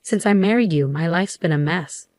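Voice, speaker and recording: A woman reads as a resentful ex-husband who grumbles about his marriage and wheedles to win someone back. The voice sits a little low and sounds dry and close. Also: moderate pace, darkish tone, no echo, natural voice.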